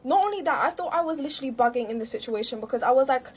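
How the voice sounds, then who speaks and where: Racing along with few pauses, a young woman speaks in a high, animated voice over slight background noise. She's a storytime creator retelling an aggrieved story to camera, rambling and using lots of fillers.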